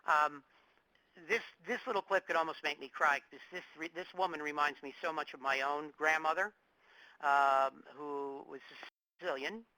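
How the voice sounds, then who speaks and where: A man's voice: fairly high pitch, moderate pace, pushed and bright, no room sound, poor audio. A middle-aged man with a New York accent giving a public lecture, emphatic and often repeating words as he searches for the next one. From New York metropolitan area.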